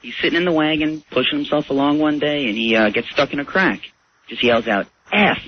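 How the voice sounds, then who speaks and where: A man calling in to a radio show and telling a long joke in a relaxed, storytelling way. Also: a little high, a little fast, dull audio, a little hiss or hum. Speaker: radio caller.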